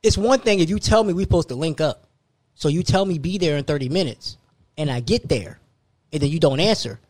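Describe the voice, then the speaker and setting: A young man telling a story in casual chat, animated, laughing often and repeating himself. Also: a little high, brisk.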